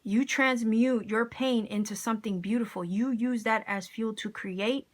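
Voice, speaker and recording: A woman's voice: a little high, steady tone, unhurried. Upbeat, slangy woman reading tarot. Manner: enthusiastic, slangy, encouraging. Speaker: tarot reader. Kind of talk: casual tarot reading to camera.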